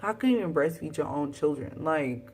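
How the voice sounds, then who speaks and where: A young woman, recapping a TV show in a casual, dramatic vlog with high exclaims. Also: animated, moderate pace, darkish tone, distant mic, a little hiss or hum. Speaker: vlogger.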